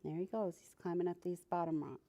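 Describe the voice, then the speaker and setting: Reading a picture book aloud to preschoolers, a children's librarian stays animated and keeps asking the kids questions. She has a lowish female voice and talks fast.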